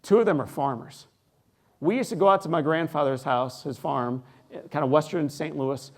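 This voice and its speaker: A man in his forties, from the United States, giving an inspirational keynote speech to a live audience in a large hall. He tells his story with dramatic pauses, dropping to a hush and then rising loud. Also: a little high. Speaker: keynote speaker.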